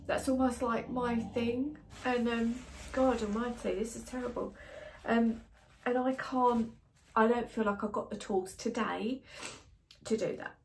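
A British woman vlogging to her viewers, sad and emotional, talking in a hesitant, halting way with many restarts. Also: on the high side. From Britain. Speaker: wellbeing vlogger. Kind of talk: casual emotional vlog to camera.

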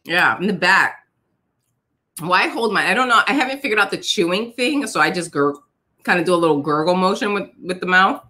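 A woman's voice: fairly low pitch, lively intonation, a little fast, bright, forceful tone. A woman co-hosting a casual live whisky tasting, wry and complaining, often laughing as she talks. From United States. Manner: wry, complaining, laughs through her words. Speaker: co-host.

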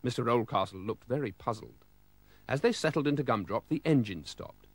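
Male storybook reader, animated pitch, dry close sound. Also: brisk, dry recording. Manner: lively, expressive storytelling. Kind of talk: storybook read-aloud.

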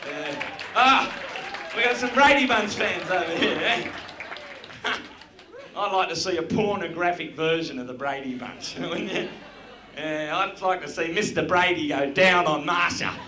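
Man, Australian accent, stand-up comedian, brash and crude, high pitched, live audience murmuring faintly. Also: a little slow, noisy background. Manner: crude, brash jokes aimed at the crowd. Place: stage in front of a live audience. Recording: roomy live venue recording with audience.

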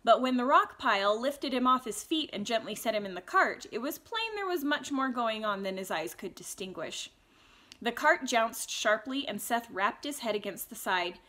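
A woman reading a fantasy novel aloud in a clear, even storytelling voice, now and then adding a casual aside to her listeners. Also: a little high, moderate pace. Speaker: audiobook reader.

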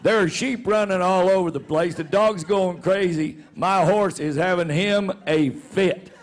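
A man's voice: sits high, a little slow. A man and show regular telling a funny story in a folksy way, laughing as he goes. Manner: folksy, laughs through his own story. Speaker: rodeo announcer and show regular. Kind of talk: comic storytelling.

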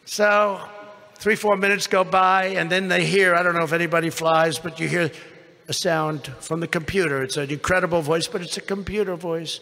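An older man speaks from a podium with a bright, gravelly and rather high voice. He rambles through a story, piling up superlatives and going off on asides. His words ring out with the long reverb of a big arena. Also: steady tone, normal speed. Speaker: rally speaker. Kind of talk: rally speech anecdote. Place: large indoor convention venue.

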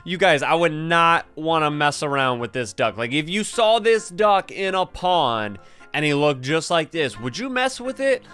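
A young man commenting on a game with hyped-up energy and lots of slang. His voice is fairly high and smooth. Faint game music plays underneath. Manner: excitable, hype slang, frequent laughter. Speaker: gaming video host. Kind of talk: casual gameplay commentary.

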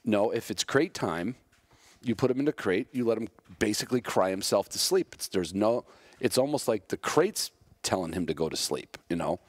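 A man's voice: lowish voice, expressive, normal speed, breathy edge, no room sound. Casual male podcast host, dry sound. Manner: casual, chatty, shares his own anecdotes. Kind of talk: interview conversation.

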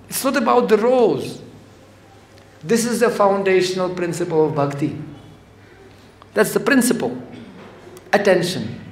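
A spiritual lecturer with a high voice gives a devotional talk in a temple hall. He is conversational and animated, performing the quotes he cites. The recording carries the hall's echo and some faint noise.

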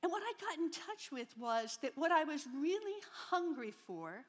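A woman's voice: sits high, big pitch swings, normal speed. A woman in her seventies from New Jersey, giving a humorous, candid faith testimony at a rally. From New Jersey, near New York City. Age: 70s. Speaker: speaker at a Christian rally. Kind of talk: personal faith testimony to an audience. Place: large hall at a rally. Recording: long reverb of a large hall.

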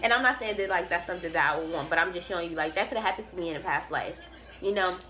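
A woman's voice: lowish voice, very fast, sharp tone. A woman giving a casual tarot reading to camera. She talks in an emphatic, profane and preachy way, rambling and restarting her sentences. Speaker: tarot reader.

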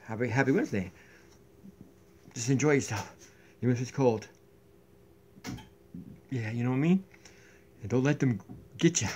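A man's voice: medium pitch, normal speed, long pauses, darkish tone, a little hiss or hum. A man chatting casually in a home vlog, rambling with mumbled asides, recorded on a tablet in his kitchen. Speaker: vlogger. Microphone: tablet built-in mic.

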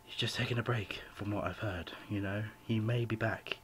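Young man, home vlog rant, rambling and apologetic, low-ish voice, faint room hiss. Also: steady tone, normal speed, few pauses, fairly bright tone, muffled recording. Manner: rambling, apologetic, full of "you know" fillers. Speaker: vlogger.

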